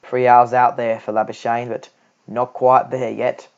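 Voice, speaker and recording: A young man doing an impression of an excitable Australian cricket TV commentator, loud and climbing higher with each replay. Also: a little slow, vocal fry. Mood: excited. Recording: dull lo-fi recording.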